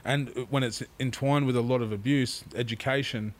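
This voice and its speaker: A man's voice: mid-range voice, moderate pace. A man, a podcast guest telling stories casually and animatedly. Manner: animated, acts out quotes in raised voice, laughs often. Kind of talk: casual storytelling.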